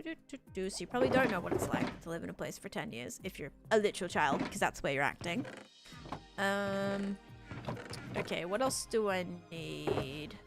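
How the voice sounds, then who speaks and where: A young woman from Australia with an Australian American accent, casually chatting on a gaming stream while answering chat and describing what she builds. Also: fairly low pitch. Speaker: live streamer. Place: home room with her PC.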